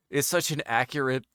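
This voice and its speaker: A man's voice: mid-range voice, sharp tone, a little hiss or hum. A man hosting an interview show in casual livestream chat, rambling through meandering explanations.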